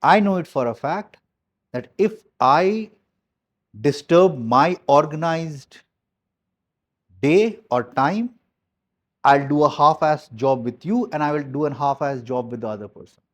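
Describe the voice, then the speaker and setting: Speaking at a measured pace with long pauses, this man has a fairly high voice. As the team's business coach, he delivers a motivational talk, bluntly and emphatically, repeating key phrases and throwing in some mild swearing.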